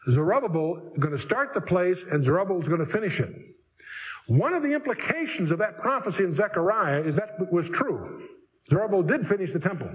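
Older guy doing a bible study, kinda high voice, dry jokes, reads verses slow. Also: rough recording. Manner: wry and conversational, reading scripture slowly. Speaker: Bible teacher.

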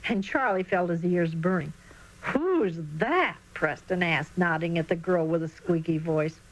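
A woman narrating a children's story in an expressive, storytelling manner. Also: lowish voice, moderate pace, rough recording.

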